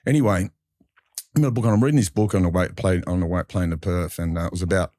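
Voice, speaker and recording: An Australian man with a deep, mellow voice recounts his past in a candid interview. He rambles through his story with restarts and colloquial turns of phrase, often acting out what others said. The sound is dry and close. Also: fast talker, no echo. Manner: rambling with frequent restarts and fillers; colloquial, acts out others in dialogue. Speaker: guest telling his life story.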